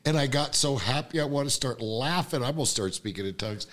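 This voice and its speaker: A man's voice: medium pitch, lively intonation, a little fast, a bit bright. A man, a podcast guest, telling a story animatedly, acting out the voices he quotes and laughing often.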